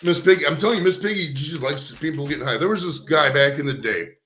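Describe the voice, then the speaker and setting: A man's voice: fairly high pitch, fast, a bit bright, echoey room, slight background noise. A man hosting a casual stoned chat, rambling at length and swearing, calling everyone dude. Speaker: host. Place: studio.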